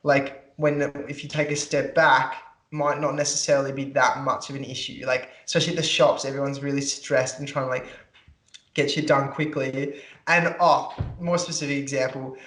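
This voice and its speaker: A man's voice: mid-range voice, little pitch movement, moderate pace, a bit bright, roomy sound. A young man, co-hosting a casual podcast and ranting, swearing freely. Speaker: podcast co-host. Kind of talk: casual chat.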